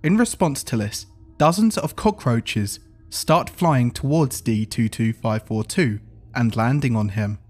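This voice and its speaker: A man giving scripted horror narration in an even, report-like reading style. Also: medium pitch, a little slow, soft background music.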